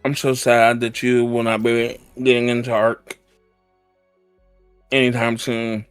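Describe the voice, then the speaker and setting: A man's voice: medium pitch, flat delivery, a little slow, smooth, faint music behind. A man chatting casually and teasing his friends while playing a game together on stream. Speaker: stream co-player. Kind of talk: casual gaming chat.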